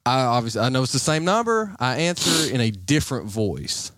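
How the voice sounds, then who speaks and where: A man's voice: medium pitch, brisk, dry recording, clean studio sound. A man casually telling a funny story among friends, laughing often and acting out the people in it. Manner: animated, laughs often, acts out voices in his story.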